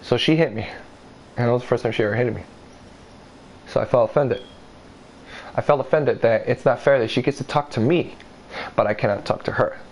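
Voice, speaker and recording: A man's voice: brisk, long pauses, slight background noise, poor audio. A man telling a personal story in a casual, rambling way, swearing freely and acting out what others said. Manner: rambling, profane, animated retelling; acts out others' lines in a higher voice.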